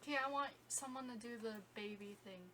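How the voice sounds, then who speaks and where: A woman's voice: on the high side, quick pace. A young woman in a casual podcast chat, giving short reactive replies. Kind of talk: casual chat among friends. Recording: noisy room recording.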